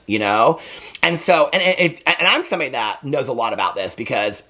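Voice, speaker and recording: A man's voice: a little high, big pitch swings, quick pace, pushed and bright, breathy edge. A man, a young adult, talking through a casual TV review in a rambling, conversational way with lots of fillers and restarts. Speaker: TV review vlogger.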